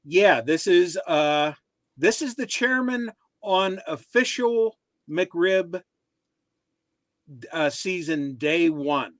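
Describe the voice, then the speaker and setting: Co-host guy, slightly high voice, dry close sound, wry remarks. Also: animated, very slow, dry recording. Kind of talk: casual chat on a live beer show.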